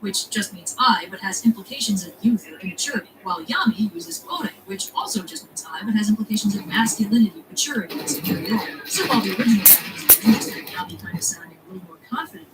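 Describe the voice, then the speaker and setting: A woman narrating a video essay in a quick, conversational, wry way, with noticeable background noise. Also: mid-range voice, lively intonation, music in the background, poor audio.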